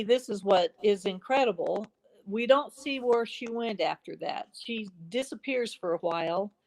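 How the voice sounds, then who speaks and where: A woman speaking as a podcast guest, telling a story at a mid-range pitch. She sets out her argument earnestly, one step at a time. Now and then she slips into short quoted exchanges. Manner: earnest, builds a case point by point; acts out quoted dialogue in brief snippets. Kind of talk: conversational storytelling.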